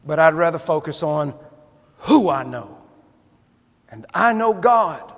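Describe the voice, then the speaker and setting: A man's voice: fairly high pitch, lively intonation, slow pace, pauses often. A man preaching a sermon, telling a folksy story and building to fervent emphasis. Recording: long hall reverb.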